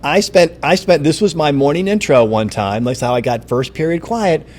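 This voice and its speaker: A man's voice: fairly high pitch, moderate pace, a little mellow. A man in his fifties hosting a casual teacher podcast, who tells classroom stories and acts out his students. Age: 50s. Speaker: podcast host and middle school teacher.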